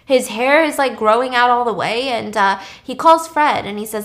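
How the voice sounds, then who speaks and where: A woman's voice: a little high, moderate pace, few pauses, fairly bright tone. Chatty woman recapping a film. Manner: chatty, with frequent asides.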